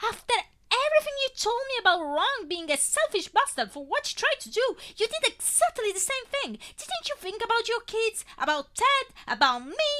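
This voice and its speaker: A woman reading aloud as a tearful young woman, shrill, loud, furious, words tumbling out. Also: big pitch swings, moderate pace, few pauses, heavily acted. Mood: tearful fury. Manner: shouting, jumbled words. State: crying.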